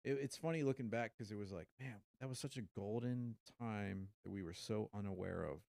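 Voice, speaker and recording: A male podcast guest chatting casually, excitable and full of swearing and "dude.". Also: fairly low pitch, a little fast, vocal fry, no room sound, studio quality. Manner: excitable, swears a lot, keeps saying "dude". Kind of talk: casual chat.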